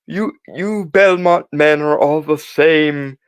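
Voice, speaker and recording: A man's voice: on the high side, slow pace, smooth, no echo, studio quality, voice pushed up. A man voicing an exasperated, weary male vampire mentor in a ranting manner.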